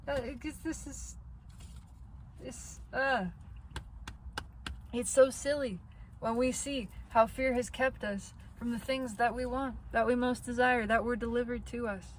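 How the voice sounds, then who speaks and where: A woman giving an earnest spiritual tarot reading, talking straight to the listener and laughing softly through the painful parts. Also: fairly high pitch, steady tone, measured pace, slight background noise. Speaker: tarot reader.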